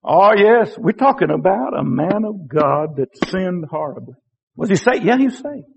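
A male preacher, delivering a sermon with impassioned swings between loud outbursts and hushed words, and many rhetorical questions. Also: high-pitched, expressive, normal speed, vocal fry, husky.

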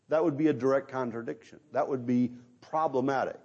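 A man's voice: a little high, moderate pace, few pauses, a little mellow, husky. A middle-aged man preaching a sermon, emphatic and full of rhetorical questions to his listeners.

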